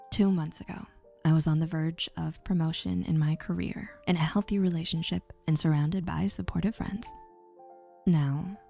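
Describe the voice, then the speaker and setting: A woman narrating a first-person story in a soft, slow, often breathy near-whisper. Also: on the low side.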